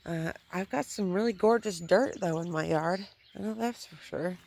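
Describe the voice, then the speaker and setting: Holding her phone as she films a chatty gardening vlog in her front yard, a woman swears at times when annoyed. Her lowish voice is a little mellow with some vocal fry, and she keeps a moderate pace.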